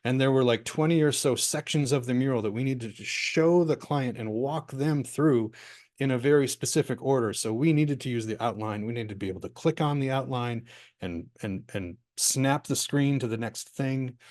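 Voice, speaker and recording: A man leading an online workshop, answering participants' questions in a relaxed, rambling way with many fillers and restarts, over a video call from his home office. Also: mid-range voice, moderate pace, no echo, studio quality. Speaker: workshop facilitator.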